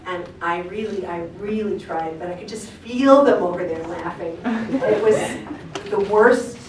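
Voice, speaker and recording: A voice actress on a convention panel, telling a story to an audience with frequent laughter. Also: female voice, medium pitch, a little slow. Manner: chatty storyteller, laughs often. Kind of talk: anecdote told to an audience. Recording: echoey hall, distant mic, background noise.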